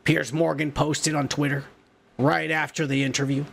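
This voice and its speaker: A man's voice: on the high side, little pitch movement, normal speed, gravelly, a bit bright, a little hiss or hum. A male podcast host delivering a profane, ranting comedic news segment.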